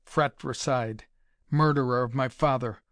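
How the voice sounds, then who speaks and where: A man's voice: mid-range voice, fairly even intonation, a little slow, a bit bright, no echo. A man voicing a hot-headed, defiant young hero in a dry recording. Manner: defiant, fiery.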